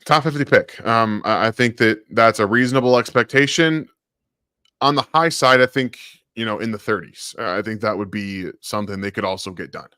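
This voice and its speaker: A man speaking as a guest football analyst in casual chat, giving quick, enthusiastic draft takes. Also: on the low side, sharp tone, clear, resonant tone, no room sound, clean studio sound.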